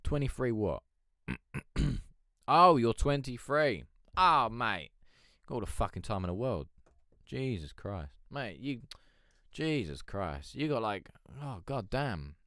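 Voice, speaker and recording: A man hosting a casual live stream with a flat, droll Eeyore-like voice, chatting, swearing and reading out the chat. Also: fairly low pitch, slow, dry recording, clean studio sound. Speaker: livestream host.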